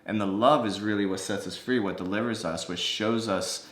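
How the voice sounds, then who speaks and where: A young man casually telling a personal story, animated and acting out the lines of people he quotes. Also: on the low side, moderate pace, reverberant. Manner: animated, acts out quoted dialogue. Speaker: co-host of a couple's channel.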